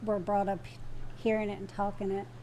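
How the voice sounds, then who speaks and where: A woman's voice: mid-range voice, flat delivery, fairly quick, dark tone, slight background noise. A middle-aged woman co-hosting a podcast, chatting casually with a playful, teasing manner. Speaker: podcast co-host. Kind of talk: casual chat.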